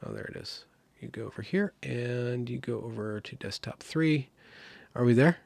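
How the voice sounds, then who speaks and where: A man hosting a casual livestream, rambling and apologetic, losing his train of thought, with his voice in rough shape. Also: medium pitch, normal speed, darkish tone, dry recording. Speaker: livestream host.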